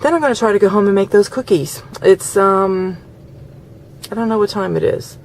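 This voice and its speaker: A woman's voice: mid-range voice, normal speed, darkish tone, slight background noise. A woman talks straight to her camera in a casual vlog, venting with plain indignation. She recounts exchanges and her own replies in an everyday speaking voice. The sound is of a handheld camera inside a parked car. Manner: indignant, venting, retells conversations. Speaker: vlogger.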